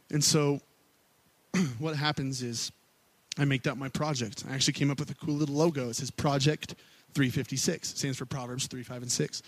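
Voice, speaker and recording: A man's voice: fairly even intonation, normal speed. Candid storytelling man preaching. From Missouri. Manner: candid storytelling, rising to loud pleading then dropping low. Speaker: worship pastor. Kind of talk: sermon.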